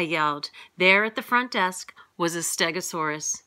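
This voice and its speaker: A middle-aged woman reading a picture book aloud to young children in a lively way, jumping up in pitch for the characters' lines. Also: measured pace, few pauses. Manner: lively, voices characters with big pitch jumps.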